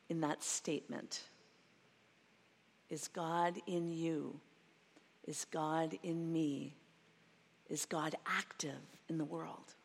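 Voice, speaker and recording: A woman gives a sermon at an unhurried, measured pace, reflective and careful with her words. Her voice rings with the long reverb of a large church sanctuary. Her pitch sits in the middle range. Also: vocal fry. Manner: slow, reflective, reads a quoted passage twice. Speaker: preacher.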